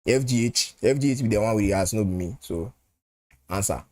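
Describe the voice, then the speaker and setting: A man's voice: lowish voice, brisk. A man with a Nigerian accent talks his viewers through a live football match. His delivery is loose and chatty, and he often repeats a phrase two or three times. He slips between pidgin and English as he goes. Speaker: football channel host. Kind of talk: live match watchalong chat.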